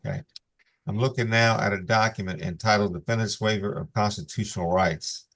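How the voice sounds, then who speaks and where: A man presiding as judge over a court hearing on a video call, reading legal warnings in a measured, formal cadence. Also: fairly low pitch, steady tone, gravelly, fairly bright tone.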